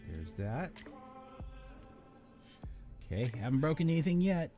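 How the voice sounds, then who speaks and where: A man's voice: fairly high pitch, very animated, measured pace, dark tone, faint music behind. A man hosting a live build stream, chatting casually and rambling, often breaking off mid-sentence and swearing now and then. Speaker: live-stream host building model kits.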